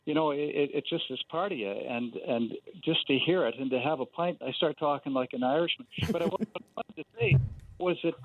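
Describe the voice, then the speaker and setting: A male caller recounting a family story in a chatty, folksy way. His voice is slightly high and comes through a dry, narrow phone line. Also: fairly quick, no echo. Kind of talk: phone call to radio show.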